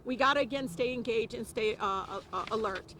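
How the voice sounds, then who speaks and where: A woman with a high, bright voice gives a passionate press conference speech. She hammers her points home and repeats phrases for emphasis. Faint traffic hums behind her. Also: brisk. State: close to tears at times. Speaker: politician speaking at a press conference.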